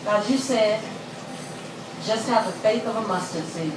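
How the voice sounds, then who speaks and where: A middle-aged woman giving a live motivational speech, telling a story with animated energy and leading the audience in call-and-response chants. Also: unhurried. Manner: acts out quoted voices with sudden loud pitch jumps. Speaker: motivational speaker. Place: large hall with a live audience. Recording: echoey hall, distant mic, audience noise.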